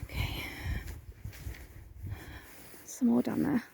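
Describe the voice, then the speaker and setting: A woman's voice: drawn-out words, mellow. A woman vlogging a night ghost hunt in a cemetery, often whispering and calling out to spirits. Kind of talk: hushed vlog narration.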